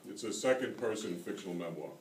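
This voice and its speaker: Low-voiced man reading in an echoey hall. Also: a little hiss or hum. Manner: steady, measured reading of second-person prose. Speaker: author reading his own work. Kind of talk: reading prose aloud at a graduate reading. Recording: roomy hall, taken from far off.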